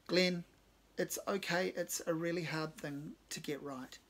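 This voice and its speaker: A man voicing a female backing singer who speaks softly and coolly. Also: a little high, fairly even intonation, unhurried. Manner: soft, quiet, not very sweet. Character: soft-spoken, cool female backing singer.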